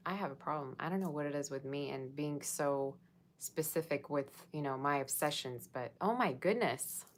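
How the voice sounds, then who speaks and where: Low-voiced woman chatting on a livestream. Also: steady tone, moderate pace. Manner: chatty, reads viewer comments aloud. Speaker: tarot reader. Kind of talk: casual livestream chat. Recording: faint background noise.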